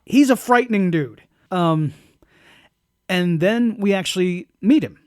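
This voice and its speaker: Male podcast co-host with a higher voice, halting and full of restarts, dry close sound. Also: lively intonation, clear, resonant tone, no room sound. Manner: halting, with many restarts and laughs. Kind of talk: casual movie-review chat.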